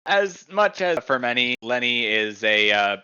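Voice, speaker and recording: A man co-hosts a podcast in a casual chat, sharing his takes with enthusiasm. His voice is bright and forceful, and it comes through a dull lo-fi mic. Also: mid-range voice, sing-song, measured pace, smooth. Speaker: podcast co-host.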